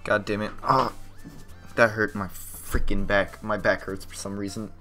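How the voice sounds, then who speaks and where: A man streaming a game live, reacting loudly with a lot of swearing and nervous outbursts. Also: fairly low pitch, little pitch movement, measured pace, soft background music. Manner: loud, profane, jumpy reactions. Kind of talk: live gameplay commentary.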